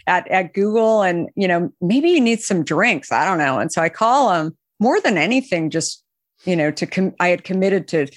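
A woman founder being interviewed, who tells long anecdotes full of fillers and restarts and raises her pitch when she quotes other people. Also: animated, moderate pace, no room sound, clean studio sound. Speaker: company founder, guest. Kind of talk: interview storytelling.

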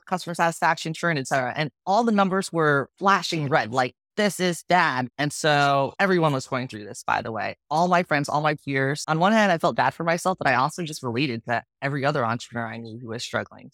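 A woman founder speaks candidly and with feeling about the ups and downs of her business, her voice close and dry on the mic. Her delivery is frank and lively. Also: a bass voice, no room sound. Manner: frank, emotional, lively retelling. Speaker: startup founder, guest. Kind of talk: candid storytelling in conversation.

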